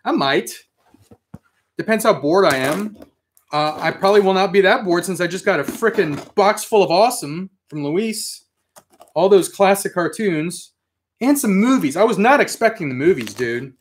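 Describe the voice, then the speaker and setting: A man hosting a casual live stream, reading out viewer comments with excitable, mildly profane chatter. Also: sits high, normal speed, slight background noise. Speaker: host of a live toy and comics stream.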